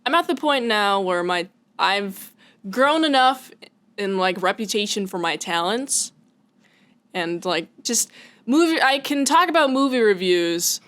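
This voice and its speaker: A woman's voice: medium pitch, expressive, a little slow, a bit bright. A woman from Washington state co-hosting a podcast in casual chat, chatty and giggly, with many fillers. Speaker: podcast co-host.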